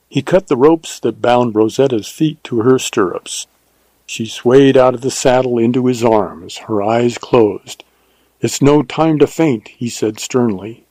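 A man reading a Western novel aloud in a steady, even storytelling manner. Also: medium pitch, no room sound, rough recording. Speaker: narrator. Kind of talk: scripted audiobook narration.

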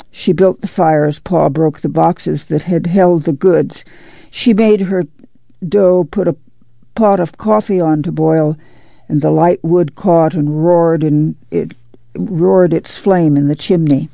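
A reader narrating a novel in a steady, even, gravelly voice. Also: mid-range voice, takes it slowly, no echo. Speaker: audiobook reader. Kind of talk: scripted narration. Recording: muffled, dry.

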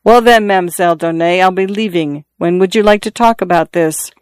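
A hesitant, obedient young peasant man speaks plainly and quietly, as an audiobook reader plays him. The voice is mid-pitched and smooth, recorded dry and close. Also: a little fast, no room sound, lightly acted. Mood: subdued. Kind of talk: audiobook character reading.

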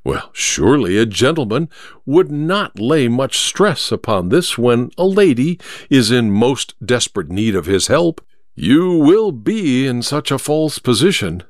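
A man's voice: mid-range voice, big pitch swings, unhurried, dry recording, studio quality. A man reading an audiobook, voicing an anxious, earnest male companion who pleads with alarm. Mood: worried.

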